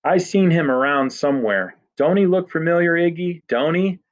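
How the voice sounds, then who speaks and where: A man's voice: fairly high pitch, moderate pace, voice pushed up, lightly acted. A man voicing a tough, chain-smoking biker's wife who nags in a raised voice. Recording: dull lo-fi recording.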